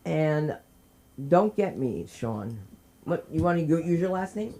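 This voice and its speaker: Loud, laughing woman emcee. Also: low-pitched, sing-song, a little slow. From New Jersey. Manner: loud, laughs often, shouts and cries out in bits. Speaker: open mic host. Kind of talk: stand-up comedy and emceeing.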